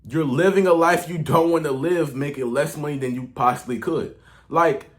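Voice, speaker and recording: A man's voice: on the high side, steady tone, moderate pace. Slangy young man ranting to camera. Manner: slangy, profane, rambling with restarts and swings in loudness. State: out of breath. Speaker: online coach. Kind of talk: casual motivational rant to camera.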